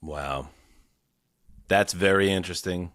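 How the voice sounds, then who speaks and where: A man with a fairly low voice hosting a sports podcast. He rambles enthusiastically and often restarts his sentences. The recording is dry and close. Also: slow, fairly bright tone, no room sound. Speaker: podcast host. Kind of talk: casual sports chat.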